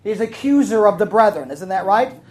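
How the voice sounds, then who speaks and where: A woman's voice: medium pitch, animated, moderate pace, darkish tone, rough recording. A woman teaching scripture to a congregation in a conversational sermon, often checking in with the room through questions. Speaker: Bible teacher.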